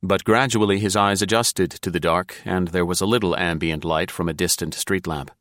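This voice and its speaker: A male narrator with a very deep, low voice reads a thriller in a steady, measured way. The sound is close and completely dry, like a studio booth. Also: no echo. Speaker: audiobook narrator. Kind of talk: scripted narration.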